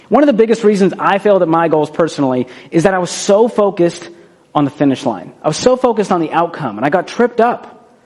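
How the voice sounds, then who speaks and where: A man with a high, light voice delivers a motivational talk. He speaks in short, punchy lines and keeps it conversational, checking in with the listener by asking "right?". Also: a little mellow. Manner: acts out quoted voices for effect.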